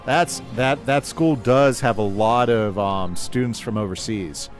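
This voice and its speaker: A gaming livestreamer with a lowish voice talks at a measured pace while he plays, chatting casually with his live chat, reading their comments aloud and explaining his moves. Soft music plays in the background.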